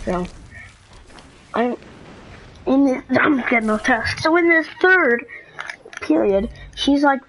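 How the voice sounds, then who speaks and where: A woman's voice: sits high, expressive, slow pace, long pauses, fairly bright tone, slight background noise, poor audio. A teenage girl telling a rambling, chatty school story to camera, full of fillers and asides. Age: teens. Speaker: student vlogger.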